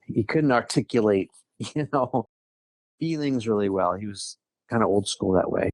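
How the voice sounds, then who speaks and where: A man with a lowish voice tells his own story as a podcast guest, chatty and open. He acts out bits of past conversations and lets small laughs slip in. The sound is close and dry, with no room around it. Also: moderate pace, vocal fry, darkish tone, no room sound. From Southern California. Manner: chatty, quotes others, frequent light laughs. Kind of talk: casual interview storytelling.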